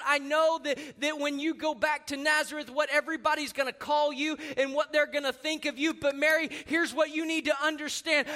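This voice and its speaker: A man voicing an older woman who loudly hollers blessings and encouragement to a young relative. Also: very high voice, pitched above the performer's own voice.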